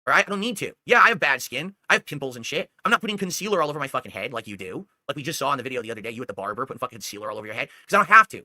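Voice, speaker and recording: A man's voice: medium pitch, lively intonation, racing, hardly any pauses, sharp tone, no echo, clean studio sound. A man delivering a heated, profane ranting monologue aimed at a rival, scolding him and asking again and again whether he understands. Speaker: streamer.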